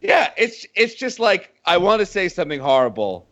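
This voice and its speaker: A man guesting on a podcast, talking in an animated, exasperated way. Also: high voice, normal speed, muffled recording. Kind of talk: casual chat.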